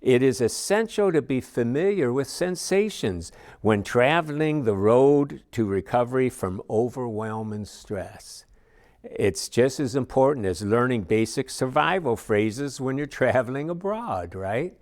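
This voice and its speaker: A man's voice: mid-range voice, lively intonation, measured pace, a little mellow. A middle-aged man teaching a recovery class in a conversational, folksy way, with frequent asides and fillers. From Chicago area. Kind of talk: recorded class lecture.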